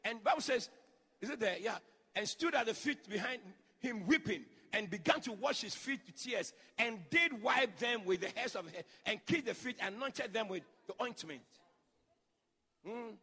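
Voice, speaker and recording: A male pastor preaching a sermon, acting out quotes and shouting lines for emphasis. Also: sits high, animated, moderate pace, long pauses, breathy edge, big-room sound. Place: church.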